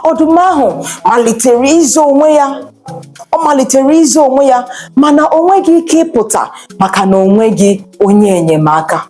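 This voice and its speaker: Woman, children's teacher, storytelling, encouraging, mellow tone, soft music underneath. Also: sits high, normal speed. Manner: chatty, encouraging, asides to children. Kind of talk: bilingual storytelling lesson.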